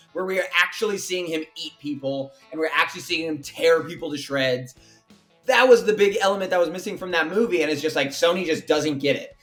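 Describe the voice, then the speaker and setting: Male podcast co-host, high voice, profane exasperated ranter. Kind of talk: casual podcast chat.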